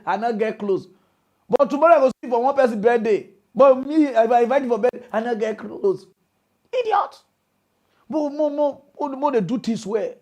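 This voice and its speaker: A man with a Nigerian Pidgin accent hosting a mock news show, delivering an animated, mocking comedic rant. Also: sits high. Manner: animated, mocking, preachy lecturing.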